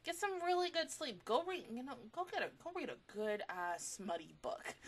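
A woman's voice: sits high, big pitch swings, moderate pace. A young adult woman giving casual anime reaction commentary, talking affectionately to the characters on screen.

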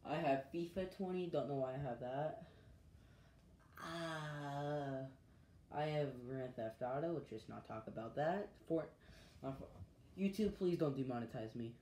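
A man's voice: fairly high pitch, unhurried, dark tone, slight background noise. A male channel host talking in a rambling, chatty way for a casual gaming vlog, recorded on an iPad. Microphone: iPad mic. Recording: echoey room.

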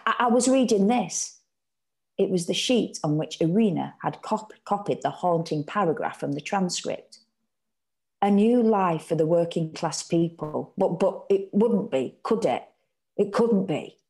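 An English woman reading a short story aloud from home, measured and sometimes hushed. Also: mid-range voice, creaky. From England.

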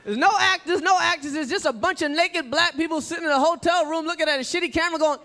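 A brash, profane stand-up comedian with a very high voice, firing off jokes at a fast clip. A crowd murmurs faintly behind him, with a light hiss. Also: male voice, sharp tone. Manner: brash, profane, rapid-fire. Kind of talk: stand-up routine. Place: comedy club stage.

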